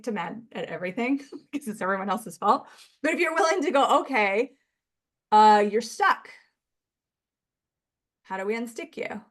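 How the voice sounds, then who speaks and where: Woman from Canada, podcast guest, chatty and animated in her retelling. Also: on the high side. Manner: chatty, acts out quoted dialogue, laughs often. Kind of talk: casual chat.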